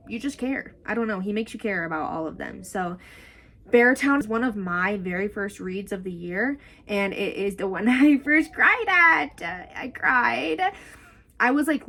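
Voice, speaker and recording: A woman's voice: medium pitch, fairly bright tone, poor audio. Chatty young woman outdoors in wind. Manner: chatty, gushing, rambling with many "like"s. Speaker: book vlogger. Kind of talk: casual book review chat. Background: wind noise.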